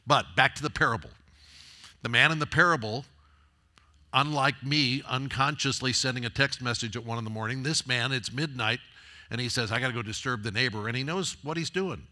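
A man delivers a sermon with a bright voice at an ordinary pitch. He talks to his listeners conversationally, then presses his points with emphatic, repeated phrases. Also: normal speed. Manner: conversational preaching, rising to emphatic repetition. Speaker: pastor.

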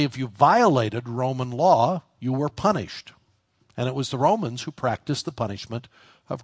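A man's voice: mid-range voice, no echo, clean studio sound. A man preaching a sermon in a conversational way, building to emphatic points. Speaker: pastor.

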